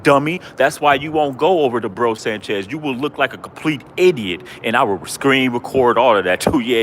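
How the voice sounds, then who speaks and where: A man's voice: medium pitch, fairly bright tone, a little hiss or hum. A man hosting a livestream, ranting in a taunting, repetitive, mocking way. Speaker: livestream host.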